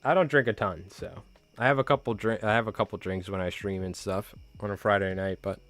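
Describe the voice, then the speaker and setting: A man's voice: fairly low pitch, fairly quick, a bit bright, no room sound. A man hosting a live fly tying stream, chatting casually in slang with viewers while he ties.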